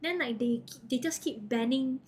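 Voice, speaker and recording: High-voiced streamer woman. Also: normal speed. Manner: animated, acts out quoted lines, frequent laughter. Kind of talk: casual storytelling to chat.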